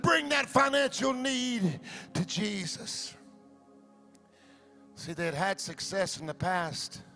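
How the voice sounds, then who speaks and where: A male pastor preaching a sermon, swinging from shouted, sung-out cadences to low hushed passages. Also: slow pace, faint music behind.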